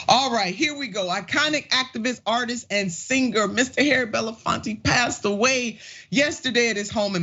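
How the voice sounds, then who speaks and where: A middle-aged woman hosting a political talk show from a studio, speaking with fired-up, animated conviction. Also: medium pitch. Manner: impassioned, animated, preacherly emphasis. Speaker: show host. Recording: dull lo-fi studio audio.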